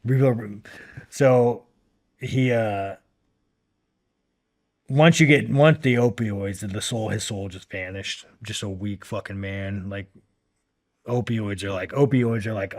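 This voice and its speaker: A man in his thirties, a podcast guest talking bluntly and profanely in a rambling, filler-filled way. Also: lowish voice. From United States. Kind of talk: casual long-form interview talk.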